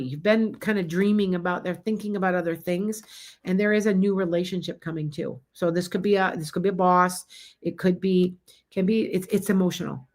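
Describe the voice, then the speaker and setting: A middle-aged woman doing a live-streamed tarot reading, chatting casually and calling out viewers by name. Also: medium pitch. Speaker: psychic tarot reader.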